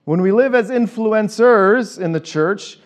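A man with a slightly raised voice preaches to a congregation. He drives his points home through repetition, drops into quick, casual asides, then slows right down to stress key phrases. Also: sits high. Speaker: pastor. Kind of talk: sermon.

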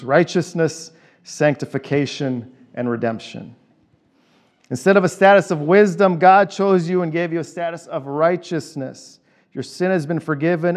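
Emphatic man preaching a sermon. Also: fairly high pitch. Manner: emphatic repetition, shifting between quick asides and slow stressed phrases. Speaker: pastor.

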